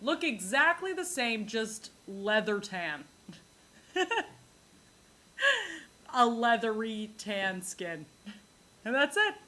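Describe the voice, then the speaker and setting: A woman from New York hosting a podcast, telling comic stories in a rambling, animated way and laughing often. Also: on the high side, slow pace, long pauses. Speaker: podcast host. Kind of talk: comedic solo monologue.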